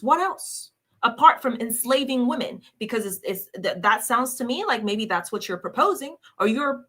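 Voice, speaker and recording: A fairly high, bright woman's voice that swings widely up and down. She hosts a reaction commentary and sounds scornful and combative, hammering the same questions again and again. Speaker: commentary host reacting to clips.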